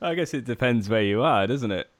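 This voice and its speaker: A man's voice: mid-range voice, lively intonation, a little fast, no room sound, studio quality. A man hosting a podcast in casual chat, asking easygoing questions and laughing often. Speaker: podcast host.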